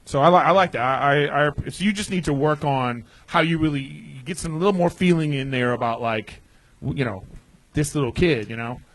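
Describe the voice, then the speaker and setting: A man on a comedy panel giving a comic feedback, halting and stammering but encouraging. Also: fairly high pitch, dry recording. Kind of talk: panel critique. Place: comedy club stage.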